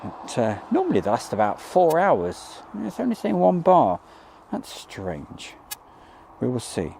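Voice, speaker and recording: A man's voice: medium pitch, wildly swooping pitch, unhurried, creaky, slight background noise. Chatty man hosting a live stream. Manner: chatty, reads out viewer names and greets them warmly. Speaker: livestream host. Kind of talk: casual live-stream commentary. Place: outdoors by an airport.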